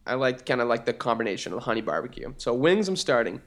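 This young man co-hosts a podcast and speaks at a medium pitch, talking fast in a Boston accent. The chat is casual and animated, and he rambles with lots of fillers.

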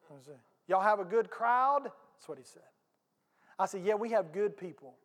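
A man, a pastor telling a story in a conversational, folksy sermon with asides to the congregation. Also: high-pitched. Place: church sanctuary. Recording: long hall reverb.

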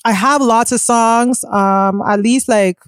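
A young woman, a musician being interviewed, telling a personal story in a quick, animated, casual way with plenty of swearing. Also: a little high, smooth, no echo, clean studio sound. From Caribbean family. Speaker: musician guest.

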